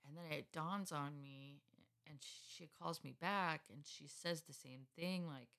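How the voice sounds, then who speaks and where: A woman's voice: sits low, unhurried, gravelly, fairly bright tone. A woman in her thirties, co-host of a podcast, telling a personal story in frank, casually profane conversation. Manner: frank and profane, drifts from joking to subdued.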